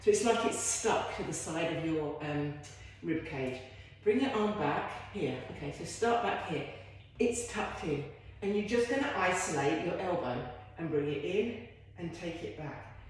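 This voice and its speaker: A woman's voice: lowish voice, unhurried, hardly any pauses. A woman leading a home workout as a fitness instructor, chatty and encouraging with self-deprecating asides. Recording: very echoey room.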